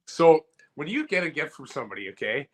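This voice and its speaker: A man co-hosting a comedy podcast, arguing a mock debate in an animated, rambling, jokey way. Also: a little high, fast talker.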